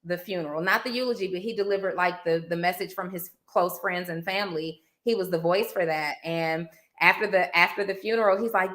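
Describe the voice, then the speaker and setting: A woman co-hosts a podcast in a bright, clear voice. She tells her stories with animation and laughs often. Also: fairly low pitch, brisk, hardly any pauses. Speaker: podcast co-host. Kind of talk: casual podcast chat.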